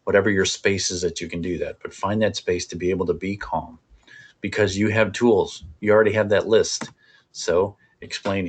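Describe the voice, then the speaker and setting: A man presenting a parenting workshop in a conversational, animated coaching way. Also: low voice, brisk, breathy edge.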